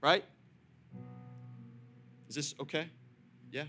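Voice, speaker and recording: A young man preaching a sermon to his congregation, lively and direct, swinging from loud calls to quiet storytelling and laughing often. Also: a little high, slow, faint music behind. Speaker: pastor.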